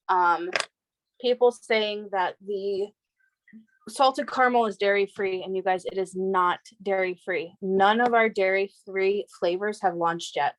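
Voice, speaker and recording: A woman explains product details to her team in a mid-pitched, conversational voice full of small fillers. The sound is close and dry. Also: no room sound, rough recording. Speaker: co-host. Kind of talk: casual team chat.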